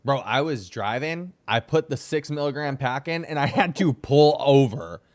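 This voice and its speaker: A man's voice: medium pitch, animated, moderate pace. A young man hosting a podcast, talking in a laid-back, slangy way and laughing often. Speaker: podcast host. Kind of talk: casual chat.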